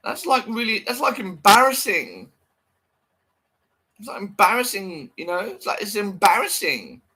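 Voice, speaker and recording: A man's voice: sits high, unhurried. A man vlogging, commenting on a clip in a profane, mocking, rambling way. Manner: mocking, sweary, animated.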